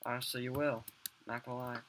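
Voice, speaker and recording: A man's voice: mid-range voice, level tone, quick pace. Young man rambling over game clicks. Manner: swears a lot, mutters and hums to himself. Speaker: gamer. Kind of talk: rambling gameplay commentary. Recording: loud background noise, mouse clicks.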